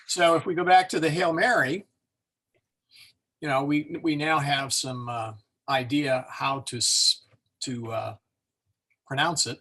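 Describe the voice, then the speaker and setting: A man leads a Latin class over a computer mic, thinking aloud and correcting himself as he goes. His pitch sits in the middle range, and he chuckles at his own small slips. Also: slow pace, long pauses, fairly bright tone. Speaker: Latin teacher. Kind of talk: online class lecture.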